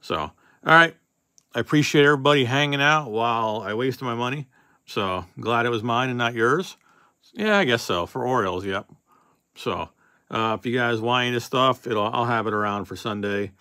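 A man's voice: medium pitch, moderate pace, pushed and bright, smooth, no room sound, clean studio sound. A man hosting a casual card-opening session, reading off names as he goes and joking offhand with a few swear words. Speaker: card box breaker host.

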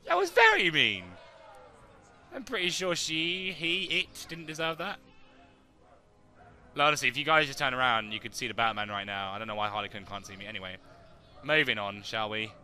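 A young man, joking and excitable as he comments on his own gameplay and talks to his viewers. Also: mid-range voice, a little fast. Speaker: let's play gamer.

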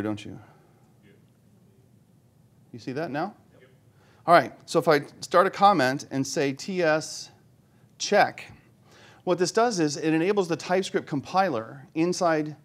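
Joking man giving a tech talk. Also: on the high side. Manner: joking, chatty, asks the audience questions. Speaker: conference speaker. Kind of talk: live technical presentation with jokes. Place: conference room before an audience.

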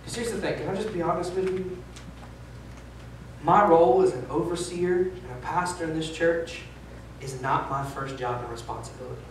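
A pastor in his thirties preaches at a moderate pace in a fairly high voice, candid and self-deprecating with emphatic stretches. He's recorded from a distance in an echoey church sanctuary, with a little hiss or hum.

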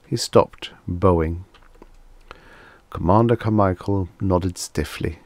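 A man reading vintage science fiction as an audiobook narrator, in a steady, even storytelling manner. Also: deep voice, slow pace, no room sound. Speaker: audiobook reader.

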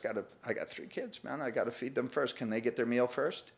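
A man's voice: medium pitch, fairly quick, gravelly. A male pastor preaching a sermon in a conversational way, acting out the people in the story.

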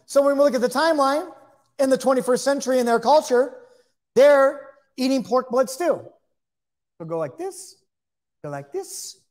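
A man's voice: extremely high pitch, lively intonation, normal speed, long pauses, a little mellow. Man giving a chatty Bible lesson. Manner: conversational, with chatty asides and repeated phrases. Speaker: Bible teacher. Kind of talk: informal Bible teaching.

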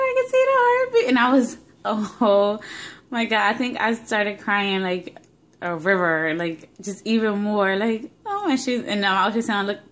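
Young woman vlogger, talks loosely with fillers and feeling, phone-recorded. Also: medium pitch. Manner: rambling, emotional storytelling with many fillers. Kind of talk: casual pregnancy update vlog.

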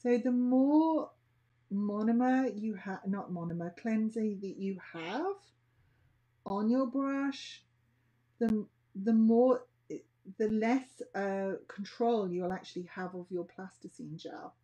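A woman's voice: medium pitch, slow, warm tone, highs cut off. A woman teaching a nail art class, chatting casually and thinking aloud as she works. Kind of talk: casual tutorial demonstration.

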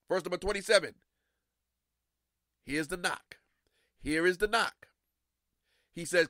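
A male pastor preaching a sermon, repeating key phrases and swinging between hushed and loud delivery. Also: high-pitched, measured pace, long pauses, dry recording, studio quality.

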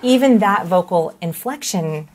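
A woman's voice: medium pitch, animated, a little slow, darkish tone, a little hiss or hum. A woman explaining vocal technique in an interview, breaking down how inflection and the mouth shape a voice. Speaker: voice coach.

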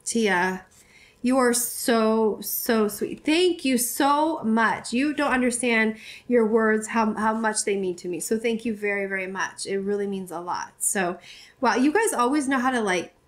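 A woman's voice: a little high, unhurried. A woman in her forties, a YouTuber, chatting to camera as she opens gifts. She gushes, restarts often and fills her talk with fillers. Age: 40s. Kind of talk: casual unboxing chat to camera.

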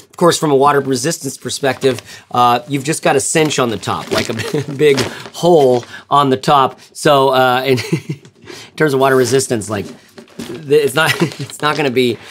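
A man's voice: mid-range voice, fairly bright tone, slight background noise. A man hosting a casual gear review vlog, rambling and joking with lots of filler words and the odd profanity. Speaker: gear reviewer and channel host.

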